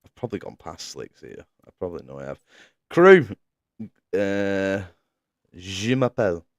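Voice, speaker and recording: Chatty low-voiced male stream commentator. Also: huge pitch swings, normal speed, smooth, dry recording, clean studio sound. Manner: chatty, laughs often, reads out chat. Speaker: sim racing league commentator. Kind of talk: casual live-stream chat.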